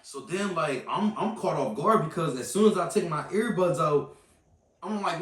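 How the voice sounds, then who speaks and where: A man's voice: a little high, moderate pace. A man vlogger retelling a confrontation in a heated, casual way, repeating points for emphasis. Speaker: vlogger recounting an incident. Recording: echoey room, mic at a distance.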